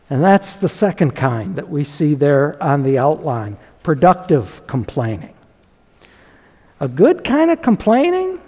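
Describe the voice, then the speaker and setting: A man's voice: high-pitched, vocal fry, a little mellow, in a large hall. A man preaching a sermon as pastor, reading scripture dramatically and talking animatedly with chuckles.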